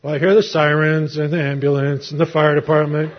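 A man's voice: a little high, flat delivery, a little fast. A middle-aged man preaching a sermon, telling a personal story in a conversational way with rhetorical questions. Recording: muffled lo-fi recording.

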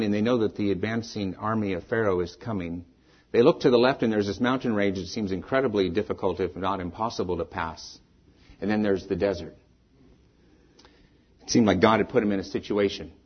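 A middle-aged man preaches a sermon in church, with a husky voice. His delivery swings from loud peaks down to quiet, fading ends. The recording sounds dull and lo-fi. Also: fairly low pitch. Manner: dynamic preaching, rising then falling away to soft endings. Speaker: pastor.

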